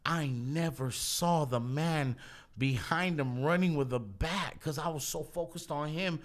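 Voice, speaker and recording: A man's voice: on the high side, a little slow. Profane laughing man storyteller. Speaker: podcast host. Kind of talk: casual storytelling.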